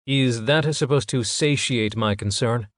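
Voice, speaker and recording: A man reading an audiobook, voicing a cold, calculating middle-aged father who speaks in a measured, clinical way. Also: mid-range voice, dry recording, clean studio sound, close to an everyday voice.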